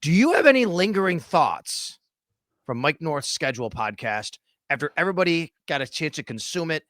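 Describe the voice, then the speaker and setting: A middle-aged man, hosting a casual sports podcast and retelling stories with animated detail. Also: a little high, moderate pace, no echo, studio quality. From Western New York. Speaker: podcast host.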